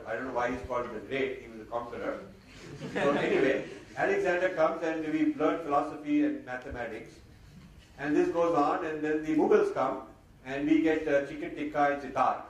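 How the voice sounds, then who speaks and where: Man speaker, sardonic and lively, mixes in Hindi phrases; recorded from a distance in a big echoey hall. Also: fairly high pitch, a little fast. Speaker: speaker giving a talk. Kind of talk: lecture to an audience. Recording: very echoey hall, mic far off, faint noise.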